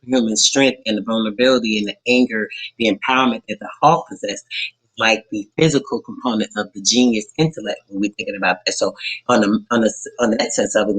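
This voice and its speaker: A man's voice: fairly low pitch, a bit bright, breathy edge, low-quality recording. Talkative man hosting a live stream. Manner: loose, talkative, fillers and self-corrections. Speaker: radio show host. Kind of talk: casual live-stream talk.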